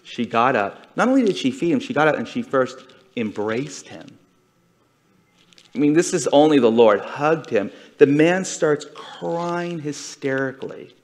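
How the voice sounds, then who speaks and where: A man's voice: fairly high pitch, animated, unhurried, darkish tone. A man giving a conversational sermon to a congregation, retelling a story earnestly and with feeling. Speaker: congregation speaker.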